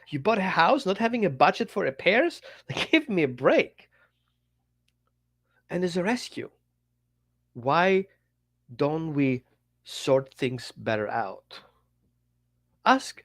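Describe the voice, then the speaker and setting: Animated, blunt dog trainer on a podcast. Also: mid-range voice, unhurried, long pauses. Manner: animated and blunt, acts out little dialogues. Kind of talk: podcast monologue.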